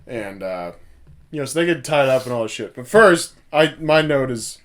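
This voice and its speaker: A man's voice: medium pitch, expressive, normal speed. A man co-hosting a casual movie review podcast, laughing often and acting out lines from the film. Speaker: podcast co-host.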